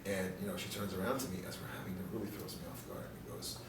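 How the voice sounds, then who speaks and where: A man's voice: sits low, steady tone, rapid-fire. A man leading a live dating seminar Q&A, brash, profane and joking, often laughing. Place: seminar room with audience. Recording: echoey room from a distance, audience noise.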